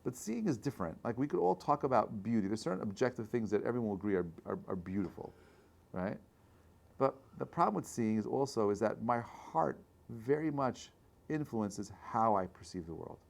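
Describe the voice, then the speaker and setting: Animated rabbi man teaching a class. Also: mid-range voice, fairly quick, creaky. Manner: conversational, checks in with frequent "right?"; animated, builds to loud bursts. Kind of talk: informal Torah class talk.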